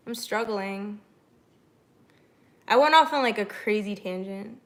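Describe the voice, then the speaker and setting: A young woman streamer chatting casually with her viewers, animated and full of fillers, reading and answering chat messages. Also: medium pitch, unhurried, pauses often. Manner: chatty and animated, many fillers, laughs often.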